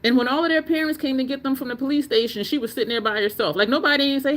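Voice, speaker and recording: A woman's voice: high voice, rapid-fire, few pauses. A woman hosting a beauty channel livestream, talking in a loose, opinionated, rambling way and answering viewer comments. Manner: loose, rambling, with frequent ums and restarts. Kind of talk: casual livestream chat.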